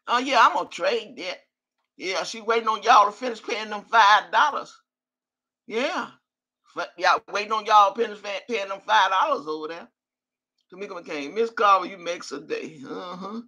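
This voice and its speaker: A woman's voice: mid-range voice, normal speed, pushed and bright. An older woman on a live stream, cursing and trash-talking while she reads out viewer names. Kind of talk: profane live-stream rant.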